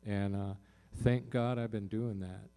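A man with a lowish, mellow voice tells a personal story to a live audience from a concert stage. He talks loosely and from the heart, stacking up fillers and restarts as he goes. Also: steady tone, unhurried, clear, resonant tone. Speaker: singer-songwriter performing in concert.

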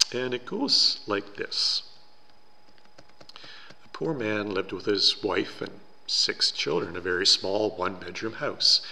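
A man preaching a sermon in a church, telling a story in an earnest, slow and deliberate way. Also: on the low side, sharp tone, big-room sound. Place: church sanctuary.

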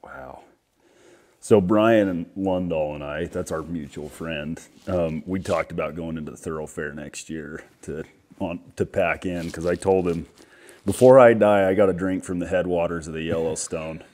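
A man's voice: low voice, normal speed, darkish tone. A man hosting a casual interview, an easygoing and enthusiastic listener. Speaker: podcast host.

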